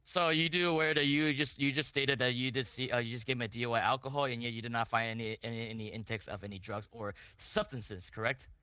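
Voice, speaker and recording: A man playing a defense lawyer in a role-play court, cross-examining a witness in halting phrasing with many restarts and repeated questions. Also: mid-range voice, fairly even intonation, sharp tone, clean tone, dry recording.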